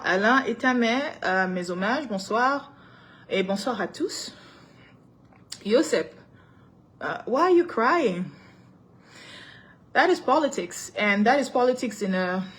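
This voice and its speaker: On her casual live-stream talk show, the young host calls out commenters by name and moves freely from English to French and back, laughing frequently. She has a Cameroonian accent and a medium-pitched voice.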